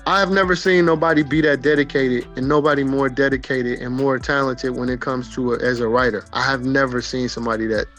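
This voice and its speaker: A man's voice: medium pitch, fairly even intonation, a little fast, hardly any pauses, fairly bright tone, faint music behind. A man, a rapper, talking emphatically in an interview, repeating himself and swearing.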